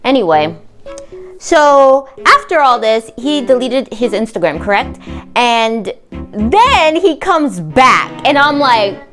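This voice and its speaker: A woman's voice: fairly high pitch, sing-song, slow pace, fairly bright tone, soft background music. A woman hosting a reaction vlog, talking in a heated, indignant and sarcastic way. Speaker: reaction channel host. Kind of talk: angry commentary vlog.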